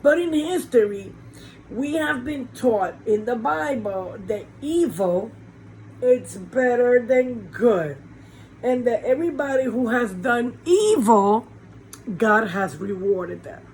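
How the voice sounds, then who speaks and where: A woman pastor giving an informal sermon from a small warm room with a fan running, preaching conversationally with rhetorical questions. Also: fairly high pitch, animated, takes it slowly, slight background noise, low-quality recording.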